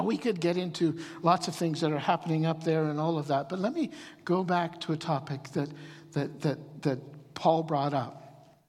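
A man preaching a sermon as pastor, animated, often repeating words as he starts a sentence. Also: a little high, husky, in a large hall.

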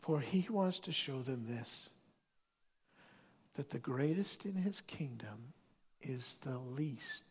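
A pastor preaching a sermon, telling stories with many restarts, moving between loud stretches and near-whispers. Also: mid-range voice, animated, slow pace, husky. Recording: long hall reverb.

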